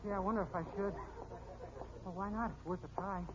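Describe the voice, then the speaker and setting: A man's voice: sits high, fairly even intonation, fast. A young man in his twenties playing himself as a meek, naive rookie in a 1940s radio comedy. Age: 20s. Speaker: comedy star of the show. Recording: dull old radio broadcast with hiss.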